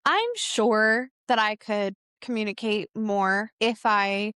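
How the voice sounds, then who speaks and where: A woman co-hosting a podcast, telling personal stories in a lively, chatty way. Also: mid-range voice, slow, smooth, no echo. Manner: animated storyteller. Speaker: podcast co-host. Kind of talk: casual podcast chat.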